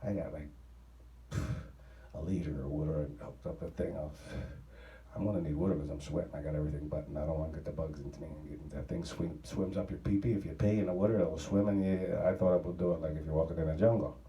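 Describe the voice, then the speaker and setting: A man's voice: a bass voice, fairly even intonation, fast, dark tone, echoey room, far from the mic, poor audio. A man, rambling through a profane travel story in a casual, offhand way. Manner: profane, rambling, laughing at his own story.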